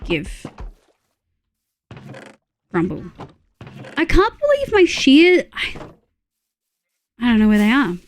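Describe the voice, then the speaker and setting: A woman with an Australian accent streaming a game, grumbling and swearing freely while chatting to her viewers. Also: fairly high pitch. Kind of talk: casual game stream chat.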